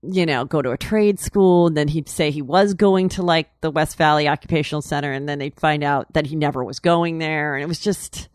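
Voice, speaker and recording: A woman speaks briskly with few pauses, her low voice steady and clean in studio-quality sound with no room sound. In a casual storytelling interview, this guest rambles candidly, peppering her talk with "like" and "you know," chatting and laughing as she goes.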